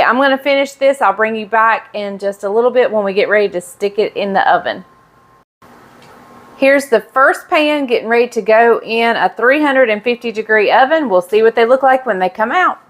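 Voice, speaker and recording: A middle-aged woman with a Southern US accent, chatting casually as she bakes on her home cooking vlog. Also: on the high side. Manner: chatty, relaxed, talks viewers through steps. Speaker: vlog host baking.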